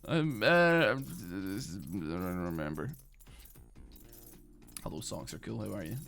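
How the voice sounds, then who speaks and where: A young British man streams a game and chats loosely with his viewers, rambling with plenty of fillers and restarting mid-thought. His voice is on the low side, creaky and fairly bright, with lively intonation and a slow delivery. Faint game music plays behind him.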